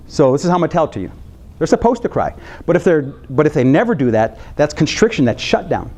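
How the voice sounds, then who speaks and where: A man from the United States, a health psychologist, giving an animated training lecture to counselors, repeating key phrases for emphasis and joking with the audience. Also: on the high side, quick pace.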